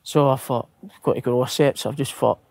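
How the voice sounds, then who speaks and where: A man's voice: medium pitch, fairly even intonation, brisk, creaky, darkish tone, no echo. A Scottish man, a footballer guest, telling anecdotes with laughter, swearing and acted-out quotes. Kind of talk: casual storytelling.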